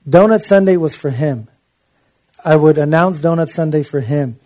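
A man's voice: on the high side, moderate pace, a little mellow. A man preaching a sermon in an impassioned, conversational way, with frequent asides to his listeners.

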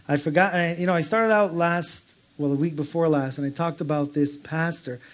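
Male pastor, slightly high voice, casual storytelling sermon style. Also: normal speed. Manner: conversational storytelling with quoted voices; laughs while telling stories. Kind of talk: informal sermon.

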